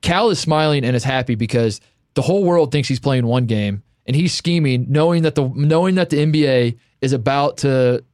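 A man co-hosts a casual sports podcast, telling stories animatedly and laughing often. His mid-range voice moves at a normal speed, recorded dry with studio quality.

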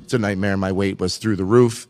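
A man chatting on a podcast, an animated, self-mocking storyteller who laughs often. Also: sits low, fairly quick. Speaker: podcast guest telling his story. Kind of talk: casual podcast chat.

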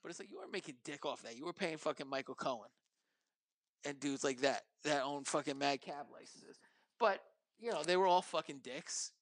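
A man with a fairly high voice chats loosely on a podcast, swearing freely as he rambles through stories. The sound is close and dry, with no room around it. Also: brisk, no echo. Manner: profane, rambling storytelling. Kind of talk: casual chat.

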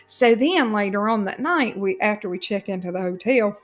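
A woman with a Southern US accent telling a long, animated story in casual chat as a podcast co-host, full of fillers and frequent laughter. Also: mid-range voice, moderate pace.

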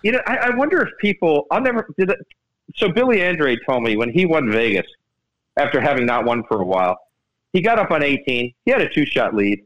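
A man telling lively golf stories on a radio sports show, acting out other people's lines. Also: fairly high pitch. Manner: animated storyteller, quick to act out other people. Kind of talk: casual radio golf chat. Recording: dull radio broadcast sound.

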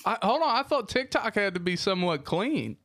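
A man hosting a podcast, joking and excitedly pushing the guest for stories. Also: sits high, fairly quick, a crowd in the background. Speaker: podcast host. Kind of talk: casual chat.

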